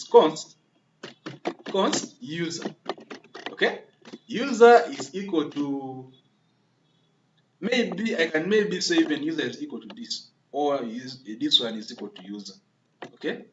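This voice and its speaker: A man's voice: on the high side, expressive, normal speed, roomy sound, muffled recording, slight background noise. A man giving a screen-recorded coding tutorial, thinking aloud, repeating himself and often checking in with a questioning "okay?" while he addresses viewers as members.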